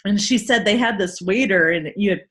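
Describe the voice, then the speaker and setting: A woman hosting a casual recap chat, telling a story in an animated way and acting out the people in it. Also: mid-range voice, moderate pace. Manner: animated storytelling, acts out quoted people, laughs often.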